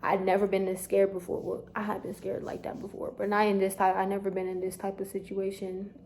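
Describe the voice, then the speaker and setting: A young woman, telling a storytime vlog straight to her viewers in an animated, chatty way. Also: mid-range voice, brisk, slight background noise. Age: young adult. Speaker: vlogger.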